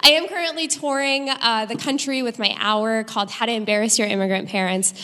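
A young woman performing a live stand-up comedy set with an animated, punchy delivery in front of an audience. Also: on the high side, fairly quick. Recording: live stage recording with long hall reverb.

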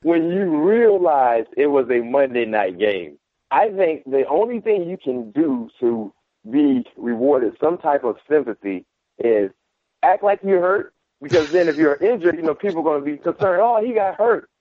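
A man's voice: a little high, normal speed, dry recording. A man, a former football player, giving casual sports analysis over the phone and acting out trash talk with energy. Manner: animated, mimics trash talk. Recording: tinny phone line.

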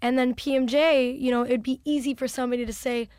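A woman's voice: high-pitched, fairly even intonation, fast, a little mellow, dry recording, studio quality. A young adult woman musician chatting casually as an interview guest, full of "like" and "you know".

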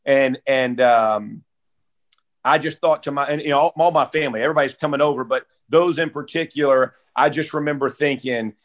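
A man's voice: medium pitch, a little fast, fairly bright tone. Former football guy, 40s, easygoing, says bro a lot, kinda emotional. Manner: laid-back, peppers talk with "bro" and "dude"; heartfelt, close to tears. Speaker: guest, former football player. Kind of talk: casual podcast storytelling.

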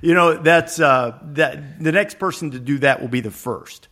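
A man's voice: fairly high pitch, moderate pace, a bit bright. A man hosting a casual sports talk podcast, giving opinions with a sarcastic edge. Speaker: podcast host.

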